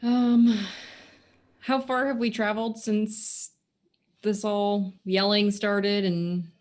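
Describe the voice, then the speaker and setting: A woman playing a tabletop game, asking deliberate questions. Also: medium pitch, level tone, a little mellow. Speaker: player.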